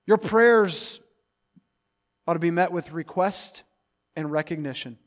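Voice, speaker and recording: A pastor in his thirties preaching to his congregation, his voice sitting a touch higher than most men's. He climbs into loud, emphatic runs and then drops back to a soft, close tone. The delivery is a spoken sermon, direct and urging. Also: takes it slowly. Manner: preaching, building to loud emphatic peaks then dropping quiet.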